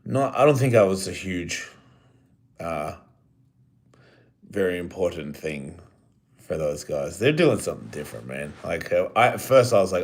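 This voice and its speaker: A man's voice: low-pitched, lively intonation, moderate pace, gravelly. A middle-aged man hosting a live stream, chatting casually with his viewers in a rambling, joking and profane way. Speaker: live-stream host answering chat.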